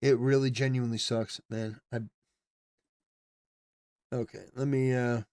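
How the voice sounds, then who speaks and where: A man's voice: mid-range voice, little pitch movement, measured pace, a little mellow, smooth, no room sound, studio quality. A man hosting a political commentary livestream, talking casually with rambling, stammering restarts and swings from mumbling to emphatic.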